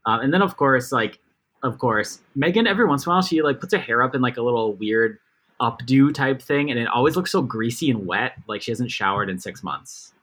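A man's voice: medium pitch, expressive, fairly quick, a bit bright. A man co-hosting a podcast, chatting casually and joking about a TV episode. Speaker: podcast co-host. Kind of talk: casual chat.

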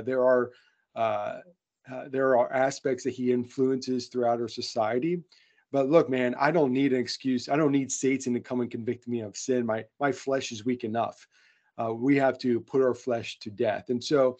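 A man's voice: mid-range voice, dark tone. A man co-hosting a casual podcast, talking in an earnest, friendly way with frequent fillers and restarts. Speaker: podcast co-host. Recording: dull lo-fi sound.

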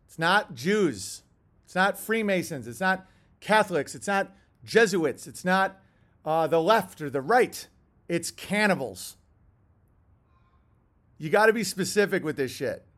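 A man's voice: high-pitched, lively intonation, measured pace, long pauses, fairly bright tone. A man hosting a casual monologue, rambling through tangents with chuckling asides. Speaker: host.

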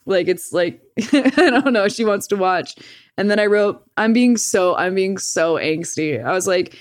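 A woman's voice: mid-range voice, big pitch swings, unhurried. Woman telling a story casually, swearing freely. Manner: profane, laughs often, acts out quoted lines. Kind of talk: casual chat.

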